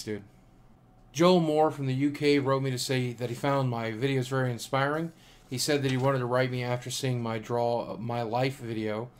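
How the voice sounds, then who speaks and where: A tired man who is coming down with a cold chats casually as he reads his fan mail and thanks his viewers, pausing often with fillers. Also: mid-range voice, clean tone. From United States. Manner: warm, thankful, chatty with filler pauses. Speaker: YouTuber reading fan mail. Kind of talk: casual vlog chat.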